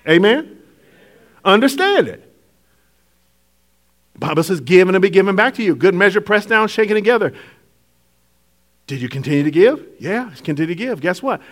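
A man preaching a sermon to a congregation, shifting between hushed, drawn-out lines and loud, laughing bursts. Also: a little high. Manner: animated preaching, swings from hushed to shouting, laughs often. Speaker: pastor.

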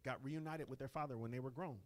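A middle-aged pastor preaches a conversational sermon, swinging between quiet asides and loud, emphatic lines. He speaks fast in a mid-range voice.

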